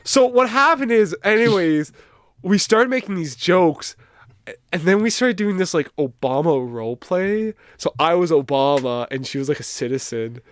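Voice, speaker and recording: A man's voice: high-pitched, lively intonation, normal speed, no room sound. Flustered young man, dry close mic. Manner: embarrassed, rambling, restarts, swears. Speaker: podcast guest. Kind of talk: casual chat.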